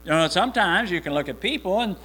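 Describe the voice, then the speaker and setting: A man's voice: sits high, lively intonation, quick pace, sharp tone, poor audio. A man preaching a conversational sermon, often restarting and repeating words as he explains scripture.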